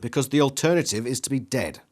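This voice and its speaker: A man's voice: mid-range voice, fast, close to an everyday voice. A protective male alien speaks straight into the listener's mind in an urgent, warning tone, as a man reading a gamebook aloud puts him on. He sounds firm and pressing, close to the reader's own voice but more insistent.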